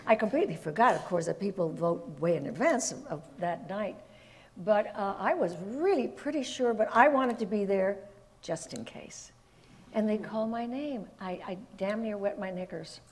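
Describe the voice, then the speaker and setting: An older woman from Puerto Rico, a guest telling lively stories in an interview and laughing often. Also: mid-range voice, moderate pace. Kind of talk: anecdotal storytelling in an interview.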